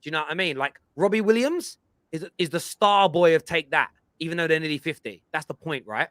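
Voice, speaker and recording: A man's voice: on the high side, a little fast, dry recording. A man hosting a football fan show, explaining his points emphatically and at length in casual chat. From England. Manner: emphatic, lecturing, animated.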